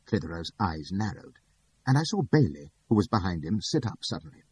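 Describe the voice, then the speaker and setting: A man's voice: low voice, very animated, a little fast, a little mellow, slightly rough. A man reading a novel aloud in first person, with wry, dry asides. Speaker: audiobook narrator.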